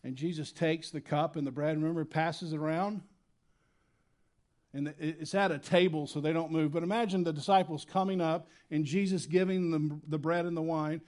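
A man preaching a sermon as pastor, swinging between loud emphatic lines and quiet, low asides. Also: fairly even intonation, normal speed. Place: church sanctuary.

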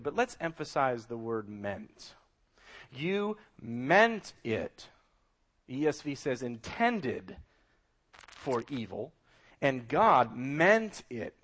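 A man's voice: medium pitch, a bit bright. A middle-aged man preaching a sermon as a pastor, emphatic and full of rhetorical questions.

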